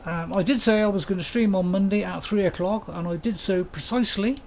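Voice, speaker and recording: His voice sits high, brisk and creaky, with a darkish tone and some faint background noise. He's streaming a farming game, chatting loosely to viewers and making self-mocking asides as he rambles.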